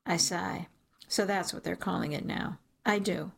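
A woman reading a first-person story aloud as an audiobook narrator, in a measured storytelling manner. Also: fairly low pitch, steady tone, creaky, husky.

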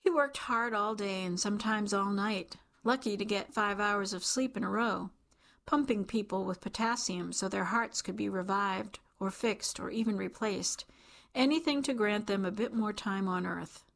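Calm woman reading aloud, gravelly. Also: mid-range voice. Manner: calm, measured reading with voiced dialogue. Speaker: volunteer reader. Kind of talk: audiobook reading for radio.

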